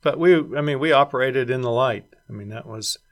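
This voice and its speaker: A man's voice: mid-range voice, a little fast. A middle-aged man, a former missionary and regional director, reflectively recounting his years abroad in an oral history interview. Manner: reflective storyteller who acts out quoted voices.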